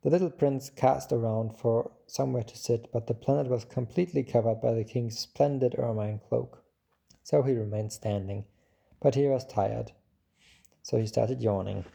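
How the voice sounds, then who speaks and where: A man narrating a storybook in a calm, measured way. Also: mid-range voice, vocal fry, breathy edge. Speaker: audiobook narrator.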